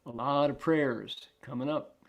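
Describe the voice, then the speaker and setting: Slow, gravelly-voiced monk giving a sutra talk. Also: male voice, mid-range voice. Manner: translates himself between English and Chinese; asks the audience questions. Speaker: Buddhist monk lecturer.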